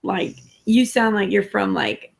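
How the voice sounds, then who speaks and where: A woman's voice: mid-range voice, a little slow, creaky. A woman originally from Massachusetts in a casual late-night group chat, blunt and rambling, swearing freely. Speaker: chat participant.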